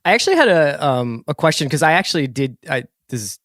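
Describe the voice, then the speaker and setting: Fast-talking podcast host. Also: male voice, a little high, sing-song, a bit bright, no echo, studio quality. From United States. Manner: rambling, chatty. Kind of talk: casual chat.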